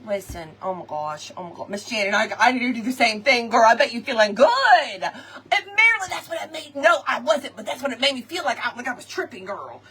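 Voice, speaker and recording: A high, bright-voiced woman, chatting away to her livestream viewers as she tells a story. She talks in an animated, gossipy way, calling everyone girl and y'all, over a faint hum of room noise. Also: fairly quick, far from the mic. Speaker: craft livestream host. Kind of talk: casual storytelling chat with viewers.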